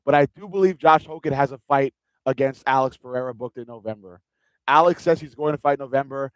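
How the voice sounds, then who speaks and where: A man's voice: medium pitch, fairly quick, no room sound, poor audio. A man giving casual, rambling live commentary on a fight stream from a gaming chair, often repeating himself. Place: seated in a gaming chair at home.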